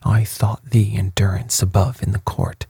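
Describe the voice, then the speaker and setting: A man voicing a wrathful tyrant prince in a storybook reading, in a hushed, breathy, slow and even delivery. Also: fairly low pitch, no echo, heavily acted. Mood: angry.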